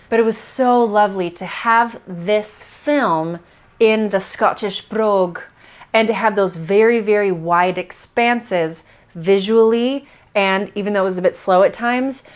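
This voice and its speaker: A woman talking in a casual, animated way as she reviews a film, laughing often and acting out lines in quick little voices. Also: mid-range voice. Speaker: theater review vlogger.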